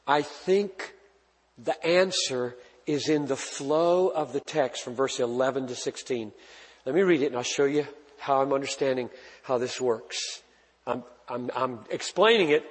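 A man preaching a sermon with passion, rising to loud emphatic peaks and dropping to quiet, intimate asides. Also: mid-range voice, unhurried, long reverb tail, low-quality recording. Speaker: pastor.

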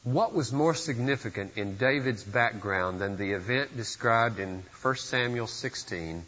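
A man with a husky, slightly breathy voice preaches to his congregation. His pitch sits in an ordinary middle register, and he speaks earnestly, often turning to the listeners with direct questions. The sound is dull and lo-fi, as from an older church recording. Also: lively intonation, unhurried, a bit bright. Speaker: pastor. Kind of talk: sermon. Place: church service.

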